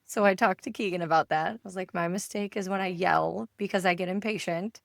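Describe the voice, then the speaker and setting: A woman co-host in a relaxed podcast chat, her voice hoarse and full of gravel. She sits a little low in pitch and acts out the people in her stories, and the sound is dry and close. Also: a little fast, dry recording. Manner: storytelling, acts out quoted dialogue. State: hoarse from yelling. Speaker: podcast co-host and enneagram coach. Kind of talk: casual chat.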